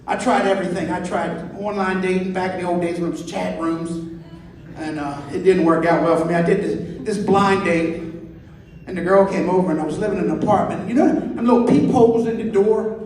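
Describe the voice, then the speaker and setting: A man's voice: high voice, steady tone, fairly quick, a little mellow, a little hiss or hum. A man in his fifties performing a crude stand-up set, telling stories and acting out the dialogue himself. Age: 50s. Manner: crude storytelling, acts out dialogue. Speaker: stand-up comedian. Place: club stage with live audience. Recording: echoey hall from far off. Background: audience laughter.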